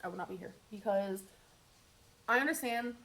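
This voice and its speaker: A woman's voice: mid-range voice, normal speed, fairly bright tone. A woman chatting through her makeup routine in a get-ready-with-me vlog, upbeat and talkative, with wry sarcastic asides. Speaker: beauty vlogger.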